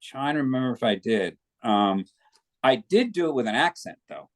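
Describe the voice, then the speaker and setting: A man's voice: mid-range voice, lively intonation, normal speed. A man, a guest actor, chatting casually in an interview and telling long anecdotes.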